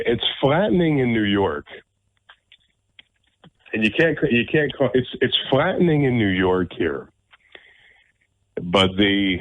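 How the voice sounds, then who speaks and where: Blunt radio host man, narrow phone-like sound. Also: on the low side. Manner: blunt, emphatic, repeats phrases for effect. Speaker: radio talk show host. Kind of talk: opinionated talk radio monologue.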